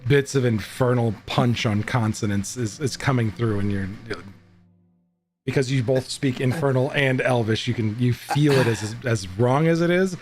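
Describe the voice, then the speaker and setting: A man running an online tabletop game as game master, with a mid-pitched voice. He narrates and explains the rules in a laid-back, rambling way. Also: normal speed, soft background music. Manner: relaxed, explanatory, with fillers.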